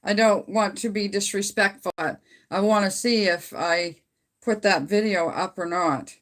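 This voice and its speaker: Middle-aged Canadian woman, phone livestream host, unhurried and bright, rambles with easy laughs. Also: mid-range voice. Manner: chatty, rambling, laughs often. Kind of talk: casual live chat with viewers. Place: at home.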